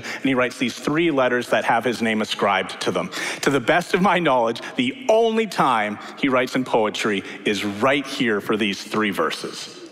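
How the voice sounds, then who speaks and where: A man in his thirties, a pastor preaching a sermon in a church, telling stories with lively swings between loud and hushed delivery. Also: mid-range voice. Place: church sanctuary. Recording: long hall reverb.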